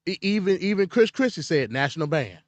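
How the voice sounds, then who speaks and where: A man's voice: high voice, very animated, fairly quick, no room sound, muffled recording. Male host, casual political commentary, blunt and opinionated, dry close sound.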